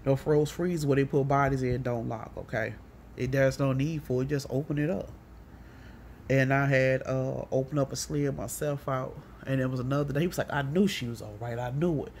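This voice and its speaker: A woman telling a rambling personal story in a casual monologue, profane and animated, often acting out what others said. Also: extremely low pitch, normal speed, a little hiss or hum.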